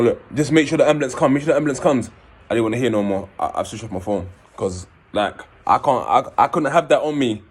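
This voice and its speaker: Guy in his 30s telling his own story, gets animated, jumps up high when he quotes people. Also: slightly rough. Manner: animated, acts out quotes in a raised voice. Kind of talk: personal storytelling.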